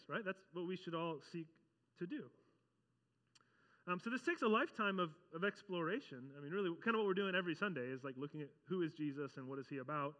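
A man preaching a conversational sermon as pastor, animated and often acting out the voices he quotes. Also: high voice, fast talker, big-room sound, muffled recording.

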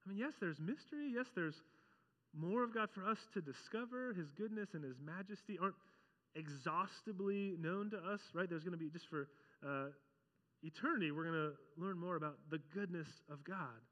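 A man preaching a conversational sermon as pastor, animated and often acting out the voices he quotes. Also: high voice, normal speed, long reverb tail.

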